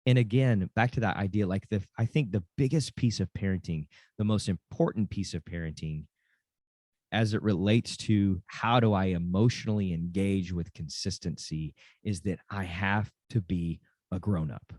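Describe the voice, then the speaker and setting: A man's voice: deep voice, normal speed, darkish tone, dry recording. A middle-aged man, a dad and football coach, giving an earnest, casual talk on parenting, often repeating phrases and restarting sentences.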